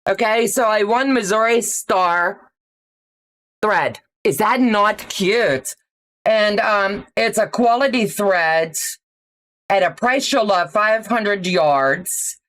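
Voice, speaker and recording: A woman's voice: mid-range voice, takes it slowly, a bit bright. A middle-aged woman hosting a live stream, telling a story in a chatty way, laughing often and greeting viewers by name. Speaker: livestream host. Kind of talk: casual storytelling livestream.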